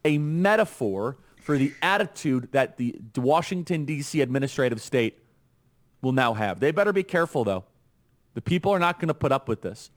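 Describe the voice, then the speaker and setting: A man's voice: mid-range voice, lively intonation, moderate pace. A man delivering an emphatic political commentary monologue, played as a clip.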